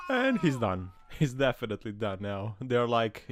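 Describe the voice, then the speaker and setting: A man's voice: lowish voice, unhurried, pauses often. Laughing man with road noise behind. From Serbia. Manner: laughs often, loud excited exclamations. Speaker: host. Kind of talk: commentary over car crash clips. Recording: voice-over with clear traffic noise. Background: car and road sounds from the clips.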